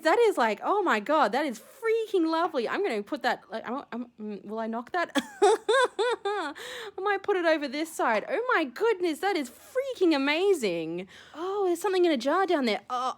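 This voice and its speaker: Young woman vlogger, high voice, gushy and rambling. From Australia. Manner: gushing, excitable, rambling with many fillers. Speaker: shell-collecting vlogger. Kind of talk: casual unboxing vlog.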